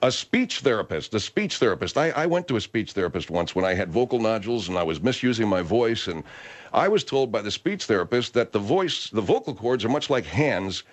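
A man's voice: fairly low pitch, very animated, a little fast. A man hosting a radio talk show, rambling and hesitant as he chats. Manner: rambling, hesitant, lots of restarts.

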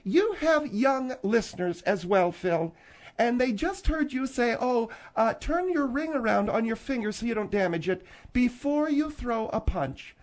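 A man's voice: extremely high pitch, expressive, measured pace, pitched above the performer's own voice. A man voicing a prim, indignant middle-aged woman co-host who scolds in a huffy, prissy way.

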